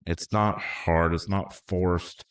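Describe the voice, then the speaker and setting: A middle-aged man with a very low, deep voice tells a personal story on his podcast. He speaks earnestly and from the heart, wandering off a little and filling pauses with "um" and "like". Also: fairly even intonation, distant mic. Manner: earnest, heartfelt, rambling with fillers. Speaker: podcast host. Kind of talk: casual storytelling.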